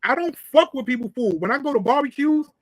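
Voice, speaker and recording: A man's voice: very high-pitched, lively intonation, quick pace, no echo, poor audio. A man, co-hosting a podcast and telling a long, profane, rambling story. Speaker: podcast co-host. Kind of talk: casual storytelling.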